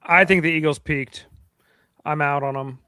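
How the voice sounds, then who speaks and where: A man's voice: on the high side, fairly even intonation, normal speed, bright, forceful tone, smooth, dry recording, clean studio sound. A man co-hosting a sports podcast, blunt and skeptical in casual chat. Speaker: podcast co-host.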